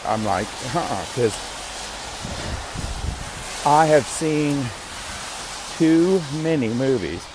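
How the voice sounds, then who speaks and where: A man's voice: medium pitch, darkish tone, slight background noise. A man hosting a podcast, rambling casually to himself with restarts and the odd curse. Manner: rambling, self-interrupting, occasional swearing. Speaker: podcast host.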